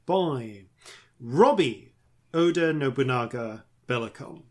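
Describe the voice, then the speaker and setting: Man, host, dungeon master, medium pitch, rambling, many ums. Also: expressive, slow pace, darkish tone. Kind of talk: casual podcast chat and storytelling.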